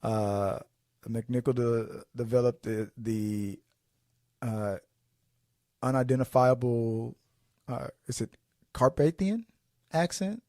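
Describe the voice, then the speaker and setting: Male podcast host, middle pitch, dry and close. Casual movie talk that rambles and restarts. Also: slow, long pauses, darkish tone, dry recording. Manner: rambling, restarting sentences, acting out quotes.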